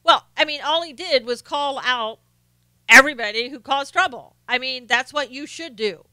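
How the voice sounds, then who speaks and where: A woman hosts her own live stream, talking through her opinions in a casual way and stopping to greet viewers from the chat. Her voice is bright and crisp, sitting a little high. The sound is close and dry, with no room echo. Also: normal speed. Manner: opinionated, greets viewers by name, frequent fillers and restarts. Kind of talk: casual political commentary.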